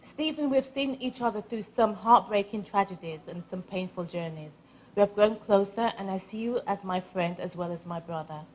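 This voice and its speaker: A woman's voice: mid-range voice, moderate pace, darkish tone, low-quality recording. A woman giving a wedding speech as the groom's sister, playful and teasing herself, then heartfelt. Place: wedding reception.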